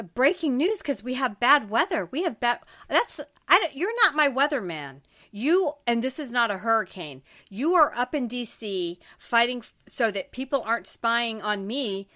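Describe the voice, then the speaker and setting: A woman's voice: a little high, animated, normal speed, few pauses, fairly bright tone. A middle-aged woman from the Florida Panhandle hosting a political talk show. She rants emphatically, sounds exasperated and restarts her sentences often.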